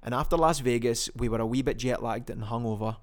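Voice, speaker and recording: This young Scot chats casually on his solo podcast, rambling, saying um a lot, and correcting himself as he goes. He speaks quickly in a mid-range voice.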